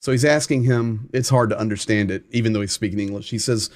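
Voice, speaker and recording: A man's voice: on the low side, steady tone, fast, background noise. A man hosting a live war update stream, translating clips and stressing points by repeating himself. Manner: emphatic, repeats phrases for stress.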